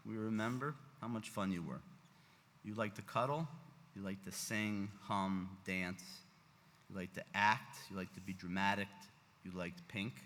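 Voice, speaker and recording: A man's voice: fairly low pitch, a bit bright. A man giving an emotional, heartfelt speech as the father at his daughter's bat mitzvah, fighting back tears. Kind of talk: parent's speech read at a ceremony. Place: large synagogue sanctuary. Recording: reverberant hall, faint background noise.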